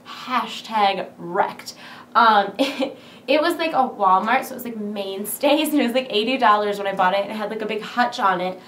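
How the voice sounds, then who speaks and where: A woman's voice: medium pitch, fairly quick, fairly bright tone, slight background noise. Chatty young woman in an echoey room. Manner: chatty, rambling, full of "like". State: excited and nervous. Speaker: vlogger. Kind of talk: casual vlog chat. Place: big empty room at home. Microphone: camera's built-in mic.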